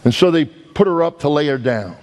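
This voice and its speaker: A male evangelist preaching a storytelling sermon, animated and joking with the congregation, acting out sounds and voices. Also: fairly high pitch, fairly quick.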